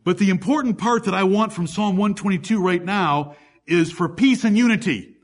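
Husky-voiced man preaching a sermon. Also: high voice, moderate pace. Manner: preaching, reading scripture aloud with emphasis. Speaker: pastor.

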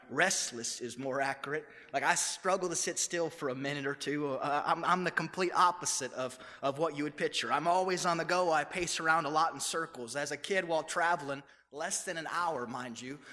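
Energetic pastor preaching in a hall. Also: male voice, fairly high pitch. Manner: energetic, self-deprecating storytelling. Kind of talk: sermon. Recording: echoey hall.

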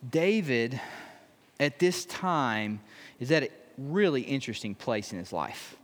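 A man's voice: mid-range voice, expressive, a little slow, long reverb tail. A man preaching a sermon. He reads scripture aloud, then explains it in a conversational way with touches of humor. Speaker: pastor.

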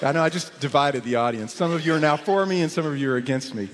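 Middle-aged guy pastor giving a sermon, kinda high voice, jokey storytelling, big church reverb. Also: fast talker, crowd noise, background noise. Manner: storytelling with humor, rising into lively exclamations. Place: church sanctuary. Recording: long reverb of a church hall.

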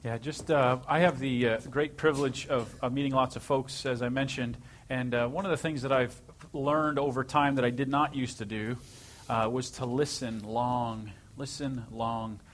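Male panel counselor, earnest, reflective, mid-pitched. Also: fairly even intonation, moderate pace, a bit bright, slight background noise. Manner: earnest and reflective, repeats key words.

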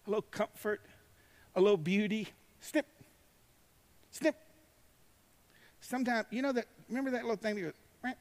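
High-voiced preacher in a reverberant hall. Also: male voice. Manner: emphatic, rising to shouts, drawling asides. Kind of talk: sermon.

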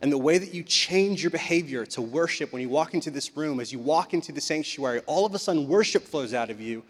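In a church sanctuary with long hall reverb, a young man delivers a relaxed youth sermon as youth pastor, his voice on the high side and quick. He's talkative and lively, doing voices as he goes.

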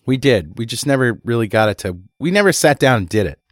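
A man's voice: mid-range voice, sing-song, fast, dry recording, clean studio sound. A man co-hosting a tech podcast in casual chat, counting down a list with upbeat energy. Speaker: co-host.

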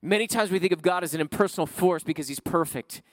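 A man preaching a sermon in a conversational way, often checking in with his listeners with a quick "right?". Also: high voice, dry recording, clean studio sound. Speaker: pastor.

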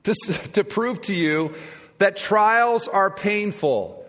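A man's voice: sits high, slow pace, fairly bright tone. Emphatic male pastor in a reverberant hall. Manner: emphatic, asks the congregation rhetorical questions. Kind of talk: sermon. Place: church sanctuary. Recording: long church hall reverb.

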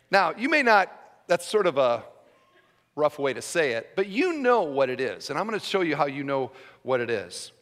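Animated pastor preaching in a reverberant church. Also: male voice, a little high. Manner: conversational teaching with frequent "okay?" checks. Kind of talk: sermon. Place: church sanctuary. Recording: long church hall reverb.

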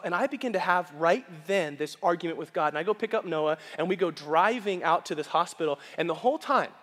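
A man preaching as pastor, telling a story with lively acted-out voices. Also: sits high, long reverb tail. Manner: animated storytelling, acts out quoted voices. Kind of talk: storytelling sermon. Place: church sanctuary.

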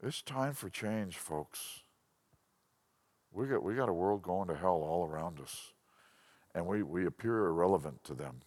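A man with a lowish voice preaching a Bible lesson to a congregation. He tells stories with animation, circling back and repeating himself as he builds his point. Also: a little slow, long pauses. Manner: animated, storytelling with frequent restarts. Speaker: Bible teacher. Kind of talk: sermon-style Bible lesson.

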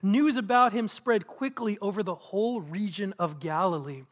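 A man preaching to his congregation in a church, animated, acting out quotes and asking the room questions. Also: high-pitched, normal speed. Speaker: pastor. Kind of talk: sermon. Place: church auditorium.

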